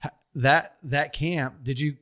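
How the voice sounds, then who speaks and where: A man's voice: on the high side, steady tone, slow, fairly bright tone. A man hosting a podcast, reacting briefly and asking his guest a follow-up question. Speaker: podcast host. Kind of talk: interview questions.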